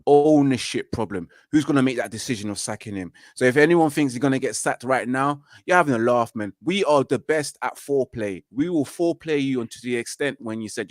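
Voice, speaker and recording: Over a video call, a football fan show co-host in his 30s argues about football in a casual chat, speaking briskly in a mid-range voice with hardly any pauses. The recording is dry and studio-clean. He keeps stressing points and saying "you know" and "man."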